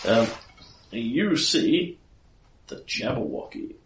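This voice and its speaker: A man's voice: on the low side, measured pace. A man narrating a tabletop game as game master, with vivid, descriptive storytelling. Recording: roomy, distant mic, faint noise.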